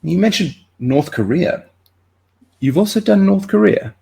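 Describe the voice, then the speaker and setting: A man's voice: high voice, animated, unhurried, gravelly, mellow, husky. A man hosting a casual interview, asking questions in a hesitant way and repeating his words. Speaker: podcast host.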